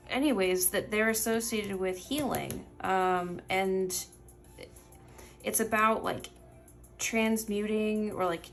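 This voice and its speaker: A sleepy woman doing a casual tarot reading, rambling and thinking aloud with lots of fillers. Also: mid-range voice. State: sleepy, yawning late at night. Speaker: tarot reader. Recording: cards shuffling and clicking behind.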